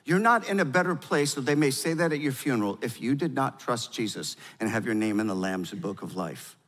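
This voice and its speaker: An older man preaching a sermon as pastor, with emphatic delivery that swings from loud urgency to quiet gravity. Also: mid-range voice, expressive, fairly quick. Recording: long hall reverb.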